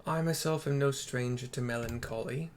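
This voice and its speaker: A man voicing a jovial old male turtle spirit, loud and hearty. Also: mid-range voice, moderate pace, a little hiss or hum, close to an everyday voice.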